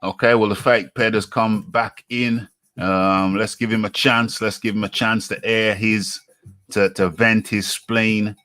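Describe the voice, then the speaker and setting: A man's voice: fairly low pitch, flat delivery, bright, forceful tone, no room sound. A man hosting a live boxing talk show, chatty and teasing. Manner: chatty, teasing, quick asides. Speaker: host.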